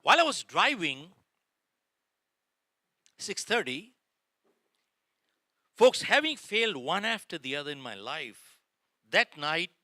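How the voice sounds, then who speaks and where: Bright, lively middle-aged male keynote speaker. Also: a little high, slow pace, pauses often, dry recording, studio quality. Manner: dramatic, addresses audience as folks, acts out dialogue. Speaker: motivational speaker. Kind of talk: motivational keynote storytelling. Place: lecture hall before a live audience.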